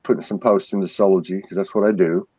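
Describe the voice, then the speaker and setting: A man with a lowish voice, recorded close and dry, talks as a guest in a casual spiritual conversation. He stumbles through restarts and repeated words while telling his stories earnestly. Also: steady tone, fast talker, warm tone, breathy edge, dry recording. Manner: earnest storytelling.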